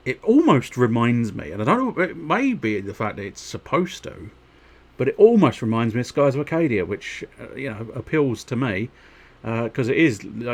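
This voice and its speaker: Rambling man chatting over a game. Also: on the low side. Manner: rambling, chuckling asides, wry. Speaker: streamer. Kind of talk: casual gameplay commentary.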